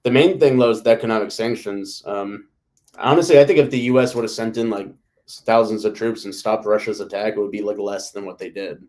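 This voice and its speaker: A man with a lowish voice hosts a loose live chat. He rambles from point to point and keeps dropping "like" and "you know" into his sentences. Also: a little fast, darkish tone. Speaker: host. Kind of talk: casual live discussion.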